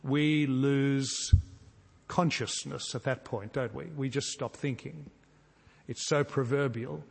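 Earnest preacher in a reverberant hall. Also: male voice, mid-range voice, steady tone, takes it slowly, creaky, breathy edge. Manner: earnest, emphatic, with rhetorical repetition and sudden soft drops. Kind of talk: sermon. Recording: long reverb from a large hall.

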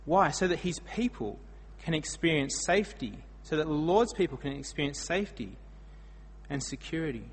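A man with an Australian accent preaching a sermon, telling the story with dramatic swings between loud and soft. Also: fairly high pitch, expressive, normal speed, in a large hall, a little hiss or hum.

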